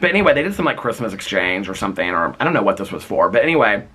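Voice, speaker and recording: A man's voice: fairly low pitch, very animated, rapid-fire, a bit bright, breathy edge. A man vlogging casually from home on a handheld phone, rambling with lots of fillers and frequent laughter. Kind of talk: casual chat. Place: his home, indoors.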